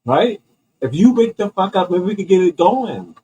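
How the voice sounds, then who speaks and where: A man's voice: high voice, sing-song, normal speed, dark tone, slight background noise, low-quality recording. A man hosting his own comedy commentary show, ranting with heavy swearing and rambling restarts. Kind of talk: profane comedic rant.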